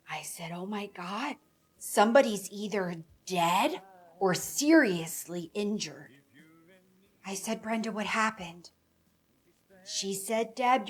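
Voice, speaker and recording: A woman's voice: medium pitch, a bit bright. A woman playing an older, gossipy small-town woman who rambles through her stories in a comedy monologue. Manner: rambling, chatty storyteller.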